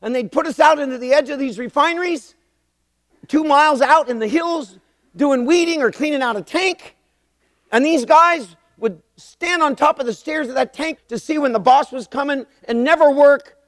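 A man's voice: very high voice, normal speed, no echo, clean studio sound, big-room sound. A man in his sixties preaching a sermon, telling stories with emphatic repetition. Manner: animated storytelling, emphatic repetition. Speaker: pastor.

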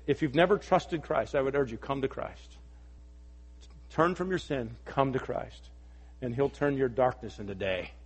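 A man preaching a sermon as pastor, earnest and emphatic, rising in force and then dropping to soft appeals, in a church. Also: medium pitch, breathy edge. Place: church sanctuary. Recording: long reverb of a large hall.

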